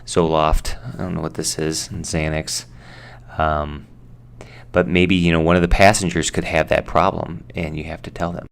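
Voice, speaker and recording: An American man teaching English vocabulary in a relaxed, chatty way, with fillers and asides. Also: extremely low pitch, normal speed, creaky, clean tone. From United States. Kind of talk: casual explanation.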